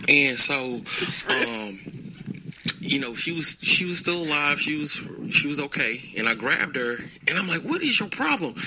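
A man's voice: medium pitch, noisy background. A young man calling in to tell a long story in a casual, rambling way, laughing at himself now and then. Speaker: caller leaving a voicemail.

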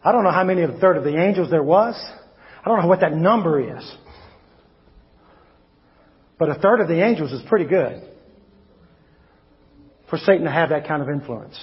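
A male pastor preaching a sermon, swinging between loud emphatic shouts and low quiet asides. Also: expressive, normal speed, pauses often. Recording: long hall reverb, dull lo-fi sound.

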